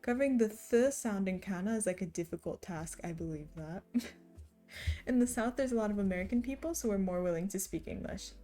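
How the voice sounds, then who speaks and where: A woman's voice: mid-range voice, brisk, warm tone, faint music behind. A woman streamer chatting casually and reading chat messages aloud, laughing often. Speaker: streamer reading chat while cross stitching.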